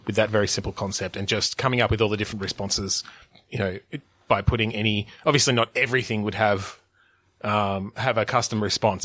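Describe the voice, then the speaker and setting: A podcast co-host with a low, slightly bright voice chats casually, recorded with no echo. He rambles, using many fillers and restarts, and laughs often.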